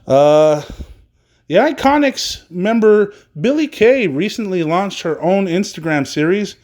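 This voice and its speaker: A man's voice: sits high, animated, unhurried, a little mellow. A man hosting a solo wrestling podcast, reading news in a casual, rambling way with many fillers and some swearing.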